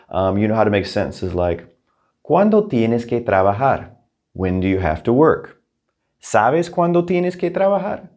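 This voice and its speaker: A man teaching a recorded Spanish lesson, upbeat and encouraging, speaking his Spanish examples slowly and carefully. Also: fairly low pitch, a little mellow.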